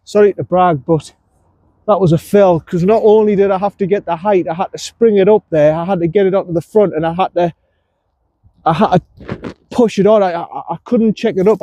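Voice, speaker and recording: Male golf vlogger, high mellow voice, casual self-talk on the course. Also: no echo. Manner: talks to himself and the viewer between shots, self-coaching.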